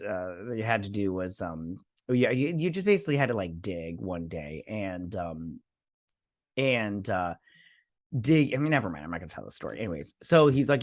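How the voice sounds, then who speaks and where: A man's voice: on the low side, a little mellow, no room sound, clean studio sound. Rambling sarcastic man recapping a show. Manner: rambling, sarcastic, acts out characters' lines. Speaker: host. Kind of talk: casual episode recap and review.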